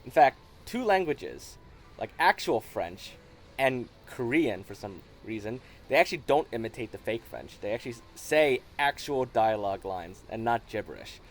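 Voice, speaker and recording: A man talks through a video game discovery in relaxed commentary at an everyday mid pitch. He often restarts his sentences and fills them with "like". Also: normal speed. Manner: relaxed and explanatory, with frequent restarts and "like". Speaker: gaming video host. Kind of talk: casual commentary.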